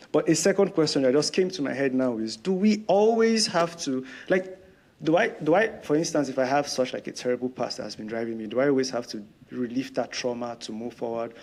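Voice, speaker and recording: A man's voice: mid-range voice, a little fast, darkish tone. A man hosting a podcast, talking casually and enthusiastically about a novel and laughing readily. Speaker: podcast host. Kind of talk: casual book-discussion chat.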